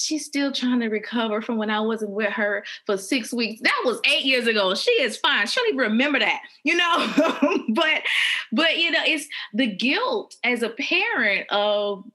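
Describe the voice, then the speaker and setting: A woman's voice: mid-range voice, bright, forceful tone. A middle-aged woman hosting a candid conversation, openly emotional and laughing as she speaks about parenting guilt. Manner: emotional, open, laughing, admits near tears.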